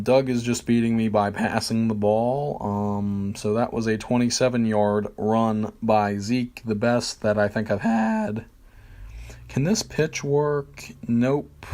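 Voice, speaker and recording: With a fairly low, somewhat mellow voice, a man narrates his moves in a football video game on stream. His casual commentary is rambling and hesitant, packed with fillers and jokes at his own expense.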